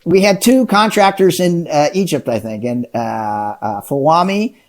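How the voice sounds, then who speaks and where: A man's voice: on the high side, a little slow. A middle-aged man, an entrepreneur and interview guest, telling his story with lots of energy and enthusiasm in a casual chat. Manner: energetic, enthusiastic, acts out dialogue.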